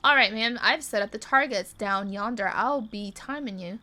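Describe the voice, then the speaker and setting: A woman's voice: on the high side, big pitch swings, normal speed, bright, forceful tone, exaggerated voice. A woman voicing a sly frontier gunslinger and gambler while reading game dialogue aloud, in plain frontier talk. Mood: easygoing.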